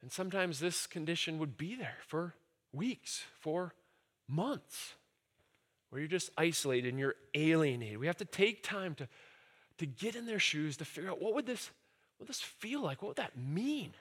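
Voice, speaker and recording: A man preaching with a high, bright voice. He is animated, sinks to a low, thoughtful murmur and then lifts to ringing cries. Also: normal speed, breathy edge. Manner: animated, switching between quiet musing and shouted cries. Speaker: pastor. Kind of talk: sermon.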